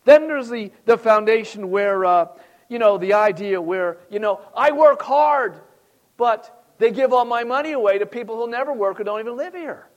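A man preaching a sermon as pastor, animated and addressing the congregation directly, with big rises and drops in his delivery. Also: very high voice, moderate pace.

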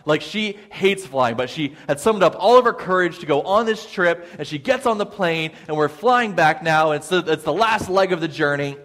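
A man preaching a sermon as a pastor, telling an animated, self-deprecating story with frequent "okay?" asides. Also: a little high. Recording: long hall reverb.

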